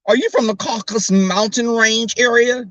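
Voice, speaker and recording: A man with a fairly high voice talks straight to his viewers from his car, sassy and chatty. His sound is close and dry, with no room around it. He reads his live chat aloud between remarks. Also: steady tone, normal speed, bright, forceful tone, no echo, lo-fi sound. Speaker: YouTuber. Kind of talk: casual livestream chat. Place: in a car while driving.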